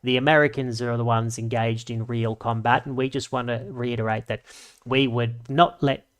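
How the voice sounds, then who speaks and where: A man's voice: medium pitch, steady tone, moderate pace, clean tone, lightly acted. A man voicing an evasive male politician who reads out a formal press statement in a stiff, hedging official tone. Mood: stiffly official.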